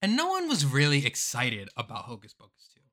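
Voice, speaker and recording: A man co-hosting a casual podcast, animated and dramatic, prone to rants and outbursts. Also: medium pitch, a little fast. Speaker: podcast co-host.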